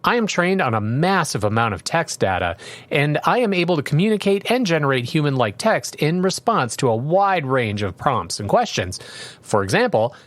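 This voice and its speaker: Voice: medium pitch, big pitch swings, normal speed, a bit bright, no room sound. A voice playing a chipper rambling chatbot AI. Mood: explanatory. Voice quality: chipper, rambling, boilerplate helpfulness. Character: overly polite chatbot AI, cheerful and unhelpful. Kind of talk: comedic reading of chatbot replies.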